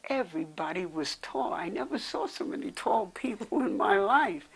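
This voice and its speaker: Older woman from New York, low husky voice with gravelly fry, reminiscing interviewee. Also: expressive, measured pace, a bit bright, poor audio. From New York City. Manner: rambling, backtracking reminiscence. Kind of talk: oral history storytelling.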